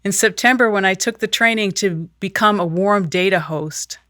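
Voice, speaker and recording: A woman leading a guided meditation in a calm, measured, reflective way. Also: mid-range voice, dry recording, clean studio sound. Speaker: meditation leader.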